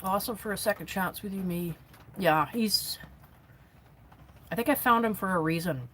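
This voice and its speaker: A woman's voice: normal speed, a bit bright, a little hiss or hum, low-quality recording. A woman chatting on a live stream from inside her camper van, talking to her viewers and her dogs. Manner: chatty, with pitch jumping high when talking to the dogs. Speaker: vanlife vlogger on a livestream. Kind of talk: casual live-stream chat.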